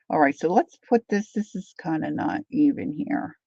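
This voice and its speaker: This middle-aged woman's deep voice is expressive, warm, creaky, and a bit breathy, moving at a moderate pace with hardly any pauses. Livestreaming her painting, she chats casually with viewers, greets them by name, and laughs often; the recording has no room sound and a slightly dull lo-fi quality.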